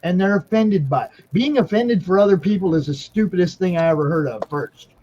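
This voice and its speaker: A man's voice: high voice, animated, a little fast, warm tone, slight background noise. A man in casual chat who makes his points emphatically, like a lecture, and keeps checking with "okay?". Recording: dull lo-fi sound.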